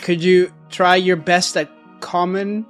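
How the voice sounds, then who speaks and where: A man playing a tabletop game with deadpan jokes. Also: high-pitched, takes it slowly, soft background music. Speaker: player. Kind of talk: tabletop role-play.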